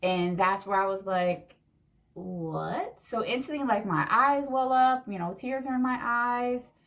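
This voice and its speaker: A young woman telling a long personal story in a chatty, animated way while doing her makeup. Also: a little high, moderate pace. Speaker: vlogger. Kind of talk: get-ready-with-me storytime.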